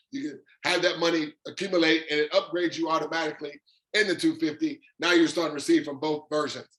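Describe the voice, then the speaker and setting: A man giving an excited, emphatic sales pitch, stretching out his stressed words. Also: roomy sound, rough recording. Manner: fired-up, emphatic, drawn-out stresses. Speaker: presenter of an online income demonstration.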